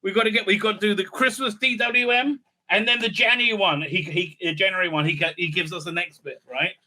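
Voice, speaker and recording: A man's voice: high-pitched, a little fast, bright, forceful tone. A man giving rambling, sarcastic solo commentary, full of fillers and restarts. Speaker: video commentator.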